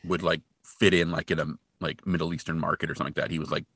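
A man's voice: extremely low pitch, level tone, very fast, a bit bright, no echo, clean studio sound. A man co-hosting a casual podcast, animatedly retelling a film scene and acting out the characters' lines. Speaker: podcast co-host. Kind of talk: casual chat recapping a film.

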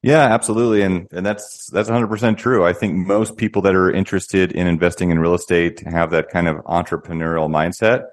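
Deep-voiced man explaining as a guest. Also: steady tone, brisk, few pauses. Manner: explanatory, with frequent restarts. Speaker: guest, real estate company founder. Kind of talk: interview conversation.

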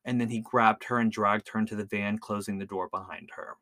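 A man's voice: lowish voice, fairly even intonation, fairly quick, pushed and bright, no echo. Chatty man telling a true-crime story. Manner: chatty, stumbles over words, lots of "like". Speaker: podcast host.

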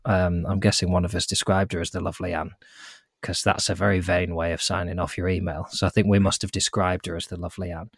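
Brief: lower-voiced male podcast co-host, jokey, dry close recording. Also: level tone, fast, breathy edge, dry recording. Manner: jokey, self-mocking, playful asides. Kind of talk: casual chat, reading listener messages.

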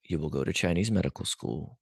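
A man quoting a woman stranger in his story, speaking for her in a calm, insistent tone. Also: very deep voice, a little fast, gravelly, breathy edge, no echo, studio quality, exaggerated voice.

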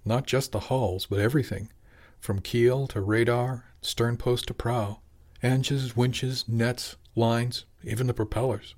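A man reading a novel aloud as narrator, steady and measured. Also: mid-range voice. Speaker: audiobook narrator. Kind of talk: scripted narration.

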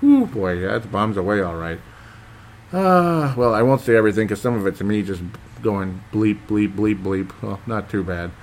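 Male host, low-pitched, hesitant and chatty, reads fan comments, light background hiss. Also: lively intonation, normal speed, a little mellow. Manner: rambling, hesitant, with many fillers. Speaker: podcast host reading listener comments. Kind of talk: casual chat.

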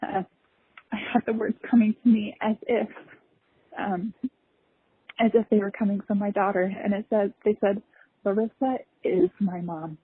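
Young woman, husky voice, halting heartfelt story, phone-quality sound. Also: mid-range voice, level tone. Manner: halting and emotional, many pauses and fillers. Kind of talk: personal story. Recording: tinny phone-like recording.

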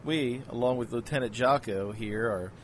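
A man's voice: mid-range voice, moderate pace, slight background noise, close to an everyday voice. A man playing a wry special agent. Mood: stern. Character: dry-witted male special agent.

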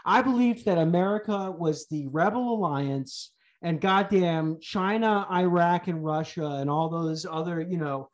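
A man's voice: fairly high pitch, a little slow, few pauses. A young man hosting a podcast, ranting sarcastically and swearing freely. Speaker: podcast host. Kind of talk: profane comedic podcast rant.

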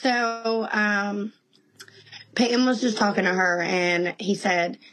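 A woman in her thirties, a guest in a casual interview, telling animated stories and laughing often. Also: mid-range voice, takes it slowly, rough recording.

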